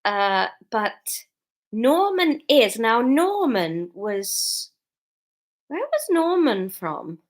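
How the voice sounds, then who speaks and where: A woman's voice: on the high side, big pitch swings, very slow. A woman, a bit tipsy, chatting casually and giggling on a home livestream before reading her serial story aloud.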